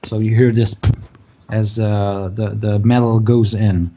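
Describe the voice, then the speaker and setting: A man narrating as game master of a tabletop game, halting and full of filler sounds. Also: on the low side, flat delivery, dark tone. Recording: dull lo-fi recording.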